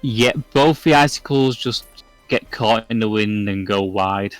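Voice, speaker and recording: A man narrating as game master of a tabletop game, often pausing to apologize and look through his notes. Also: fairly low pitch, soft background music.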